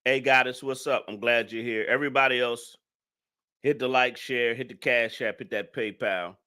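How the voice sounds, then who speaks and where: A man's voice: medium pitch, steady tone, moderate pace, sharp tone, clear, resonant tone. A man hosting a reaction commentary, ranting angrily and repeating himself with heavy profanity. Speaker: commentary channel host.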